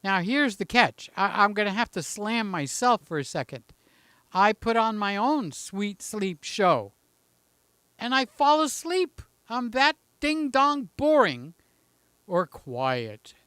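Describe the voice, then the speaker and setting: A man's voice: high voice, very animated, slow pace, bright, forceful tone, clear, resonant tone, no echo. A man in his late sixties hosting a live stream, chatting casually and greeting viewers by name in a rambling way. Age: 60s. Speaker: livestream host.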